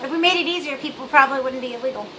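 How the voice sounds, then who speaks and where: A woman's voice: sits high, racing. A young woman talking casually in a vlog, bubbly and blunt, rambling with lots of fillers like a Valley girl. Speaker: vlogger. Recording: noisy home recording.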